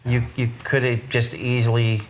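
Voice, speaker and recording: A man's voice: mid-range voice, completely flat delivery, normal speed, a little hiss or hum, poor audio. A man hosting a casual talk, asking probing questions in a conversational way. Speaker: podcast host.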